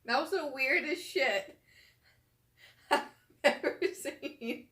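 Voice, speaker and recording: A woman reacting to a TV episode in casual commentary, swearing often and breaking into loud frightened outbursts. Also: high voice, drawn-out words. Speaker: reaction video host.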